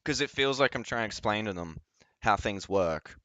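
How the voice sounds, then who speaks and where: A man's voice: on the low side, expressive, moderate pace, sharp tone, no echo. A man commentating on a clip during a casual live stream, swearing and mocking people in put-on voices. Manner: swearing, sarcastic, acts out people in exaggerated voices.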